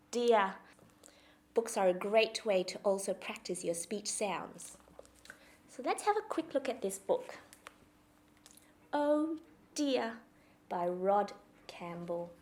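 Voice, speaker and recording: A woman gives parents a calm, unhurried lesson on practising speech sounds. Her voice sits in a middle pitch, and a faint noise stays in the background. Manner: calm and explanatory, reads a picture book aloud. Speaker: speech therapist. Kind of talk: instructional talk for parents.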